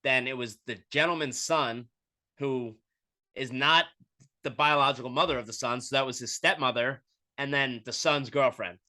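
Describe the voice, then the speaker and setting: A young man hosting a podcast, telling a story in a profane, animated way and quoting voices as he goes. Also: mid-range voice, moderate pace. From Florida, USA. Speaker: podcast host. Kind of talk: casual storytelling monologue.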